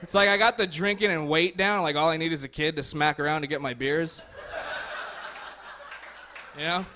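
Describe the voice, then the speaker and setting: A man's voice: on the high side, fairly even intonation, normal speed, pushed and bright, slight background noise. Sardonic young man doing stand-up. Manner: sardonic, crude, rambling with fillers. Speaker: stand-up comedian. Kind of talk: stand-up comedy set. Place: comedy club stage.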